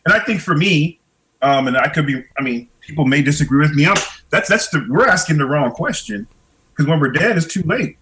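A man's voice: fairly high pitch, expressive, a little fast, fairly bright tone, rough recording. A middle-aged man, a podcast guest, talking reflectively in a casual conversation and often repeating words as he thinks.

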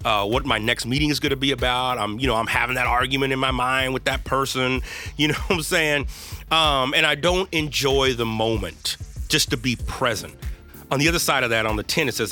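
A man's voice: on the low side, pushed and bright. A man hosting a podcast, talking candidly and earnestly about his own struggles, with casual slang and lots of "right?" and "y'all". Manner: earnest and self-deprecating, with loose slang and frequent "right?" and "y'all". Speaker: podcast host. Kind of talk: candid confessional podcast talk.

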